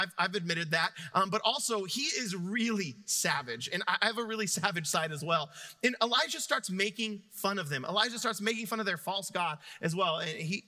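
A young man preaching with a high, sharply bright voice. He tells scripture stories in an animated way, with playful asides, and the sound rings with the long reverb of a hall. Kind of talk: sermon.

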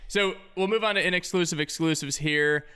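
A man co-hosting a podcast in relaxed casual chat, easygoing and quick to laugh. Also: fairly high pitch, clean tone. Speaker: podcast co-host.

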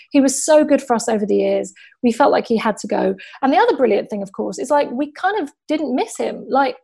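A woman's voice: fairly high pitch, a little mellow. A woman, a football journalist, chatting and telling stories in an interview, with many casual fillers.

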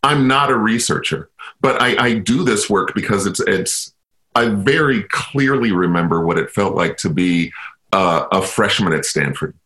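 A man's voice: lowish voice, normal speed, fairly bright tone. A man from Chicago, a guest on a radio interview, telling a personal story in a reflective, self-deprecating way. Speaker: guest, university inclusion officer.

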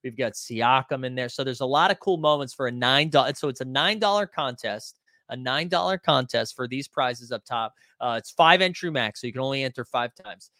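A man's voice: medium pitch, a little fast, bright, forceful tone, dry recording, clean studio sound. A man hosting a casual livestream, reading out viewer comments in a loose, rambling way full of fillers and restarts. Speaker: livestream host.

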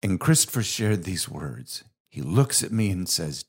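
Co-hosting a podcast, a middle-aged man tells a moving story in a husky, deep, low voice. His pace is a little slow with hardly any pauses, and his earnest, feeling tone has the reflective quality of faith talk. The steady delivery lands as sincere and encouraging.

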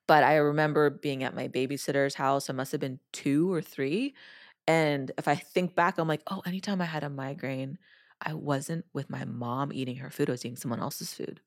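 A woman podcast host telling a personal story in a casual interview, acting out her own past remarks in a lively way. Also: sits low, moderate pace.

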